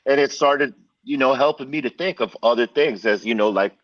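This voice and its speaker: A middle-aged man telling a casual story as a guest, in an animated way, swearing and restarting often. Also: medium pitch, brisk, dry recording. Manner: animated, profane, full of restarts. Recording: dull, slightly distant, dry sound.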